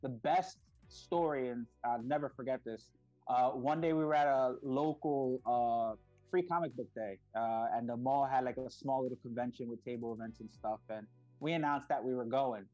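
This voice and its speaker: A man's voice: medium pitch, moderate pace, no room sound, lo-fi sound, soft background music. A middle-aged man, a parent behind a kids' video channel, telling stories in a casual interview with lots of fillers and acted-out voices. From United States. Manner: animated storyteller, acts out voices, many fillers.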